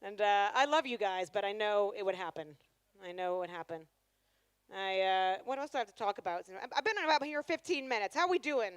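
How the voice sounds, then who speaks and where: A woman's voice: medium pitch, lively intonation, brisk, smooth, no room sound. A woman performing a live stand-up comedy set on stage, chatty and sarcastic, teasing the crowd.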